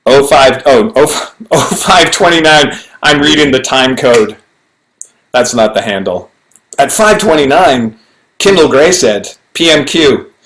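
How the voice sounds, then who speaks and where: A middle-aged actor chatting alone to a webcam during a fan Q&A, playful and rambling with self-mocking asides, recorded on low-quality livestream audio. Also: male voice, expressive, a little slow, a bit bright. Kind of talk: casual chat to webcam. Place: home, alone in front of a camera.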